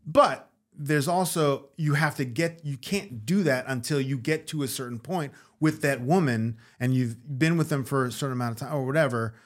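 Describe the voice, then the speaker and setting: A man's voice: medium pitch, moderate pace, hardly any pauses. A man, an actor and comedian, chatting casually as a podcast guest and acting out quotes in put-on voices. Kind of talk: casual storytelling chat.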